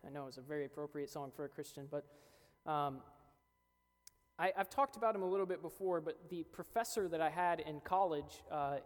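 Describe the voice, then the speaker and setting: A man's voice: fairly high pitch, fairly quick. A young man preaching a sermon as a pastor, earnest and building to emphatic peaks. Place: church hall. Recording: reverberant hall with faint music.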